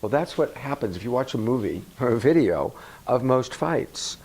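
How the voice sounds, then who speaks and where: A male coach speaking to a workshop audience in a lively, swooping voice. He checks in with the room often and acts out little examples as he explains. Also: medium pitch, normal speed, slightly rough, rough recording. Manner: animated, asks the audience questions, acts out examples. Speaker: relationship coach. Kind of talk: workshop talk to a live audience.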